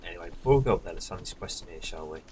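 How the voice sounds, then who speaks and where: A man giving casual let's-play commentary, muttering quietly to himself as he plays. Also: low voice, animated, rapid-fire, a little hiss or hum, rough recording. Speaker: gamer. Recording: voice over loud game music. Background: game music.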